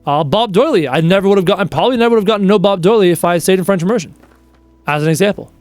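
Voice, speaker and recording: A man's voice: high-pitched, rapid-fire, a little mellow, no room sound, soft background music. A young Canadian man streaming a game and chatting casually with viewers in a rambling, joking way. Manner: rambling, chatty, jokes and bursts into quoted bits.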